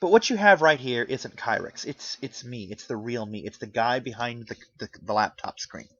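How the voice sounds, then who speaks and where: A man's voice: mid-range voice, expressive, normal speed, bright, forceful tone, no echo, lo-fi sound. Impassioned man ranting into a home mic. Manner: impassioned, pleading, rambling with restarts. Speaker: YouTuber. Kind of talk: earnest spoken rant to camera. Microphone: home microphone.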